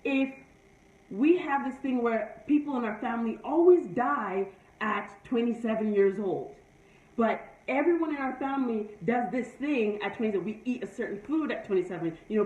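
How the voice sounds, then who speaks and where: A woman with a slightly high voice gives a preachy motivational talk, driving her points home again and again. She sits back from the microphone, and the sound is dull and echoey. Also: animated, fairly quick, a little mellow. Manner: preachy, repetitive, emphatic. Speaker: live-stream host. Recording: echoey room, far from mic, dull sound.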